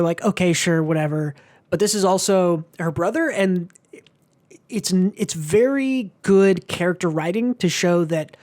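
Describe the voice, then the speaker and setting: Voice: medium pitch, a little mellow. A podcast co-host in a casual book club discussion, talking in a rambling way with many fillers and the odd swear word.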